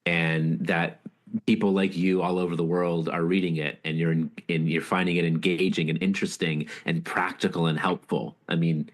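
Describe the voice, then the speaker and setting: Male author guest, very low voice, earnest, reflective storytelling. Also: flat delivery, moderate pace. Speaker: author and leadership speaker, guest. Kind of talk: casual interview storytelling.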